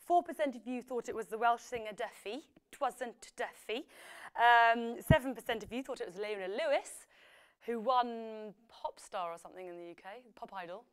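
Young girl hosting a quiz, kinda high voice, chatty, sings little bits of songs. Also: normal speed, clean tone. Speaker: quiz show host. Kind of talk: live app quiz hosting.

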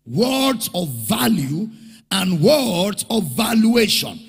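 A male preacher with a high, lively voice that climbs and falls widely as he teaches, unhurried and emphatic. His tone is gravelly and husky, and it carries with a long reverb through a large church hall. He repeats key phrases and draws responses from the congregation. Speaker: pastor. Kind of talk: sermon.

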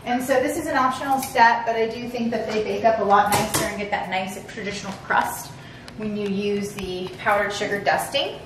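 A woman's voice: mid-range voice, normal speed. A woman hosting a casual cooking demonstration, chatty and playful, talking straight to the viewer. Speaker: cooking show host. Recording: echoey room, mic at a distance, steady background hum.

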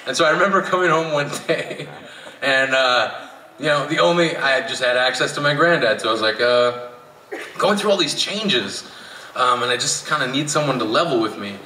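A man's voice: mid-range voice, expressive, normal speed, sharp tone, reverberant, distant mic, poor audio. A man from Canada, a spoken word poet telling a wry story to a live audience and chuckling as he goes. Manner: wry, laughing as he tells it. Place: outdoor amphitheatre.

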